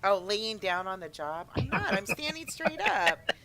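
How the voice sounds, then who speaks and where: A woman in her twenties hosting a casual podcast stream, chatting in an animated way and acting out other people's lines. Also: mid-range voice, a little slow, crowd noise. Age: 20s. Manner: animated, laughing, acts out friends' lines. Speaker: podcast host.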